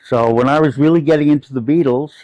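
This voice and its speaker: A man's voice: medium pitch, fast, darkish tone, no echo, lo-fi sound. An older man from the United States, a guest in an interview, telling personal stories in a reflective, anecdotal way.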